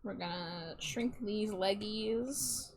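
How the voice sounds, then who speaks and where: A woman's voice: medium pitch, takes it slowly. A woman streamer chatting casually while she draws, laughing often between remarks. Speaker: streamer drawing live.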